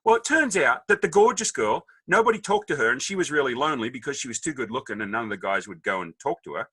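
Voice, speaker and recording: Animated Australian storyteller man, bright voice. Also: medium pitch, fast talker, breathy edge, no echo. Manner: animated, jokey, acts out quoted voices. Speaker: podcast guest. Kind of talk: casual storytelling.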